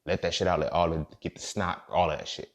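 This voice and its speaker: Low-voiced guy rambling casual, slangy and cussing a lot, keeps saying you feel me. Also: fairly even intonation, quick pace. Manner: loose, slangy and profane, with frequent "you feel me" check-ins. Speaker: podcast host. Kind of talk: casual storytelling monologue.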